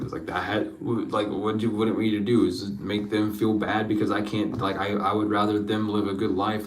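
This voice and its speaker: A man's voice: on the low side, dark tone, roomy sound, distant mic, poor audio. A man giving an emotional spiritual reading, rambling, repeating his questions and swearing freely. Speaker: spiritual card reader.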